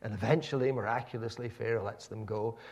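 Gravelly-voiced male preacher. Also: lowish voice, quick pace. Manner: animated storytelling, frequent repeated words and restarts. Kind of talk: sermon.

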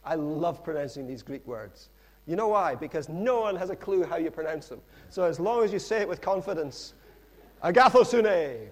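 A middle-aged man preaching a sermon in a lively, conversational storytelling manner with frequent asides. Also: a little high, a little fast, hardly any pauses.

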